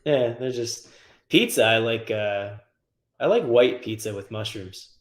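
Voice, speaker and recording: A man who tunes cars, a guest on the show, telling a wild shop story in a casual, profane, animated way. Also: on the low side, unhurried, reverberant. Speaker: guest, car tuner.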